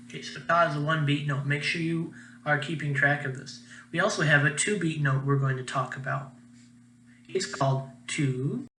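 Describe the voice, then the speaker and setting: Bright-voiced man teaching a music lesson. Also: a little high, normal speed, roomy sound, a little hiss or hum, low-quality recording. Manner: clear, patient, encouraging. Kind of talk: recorded class lesson.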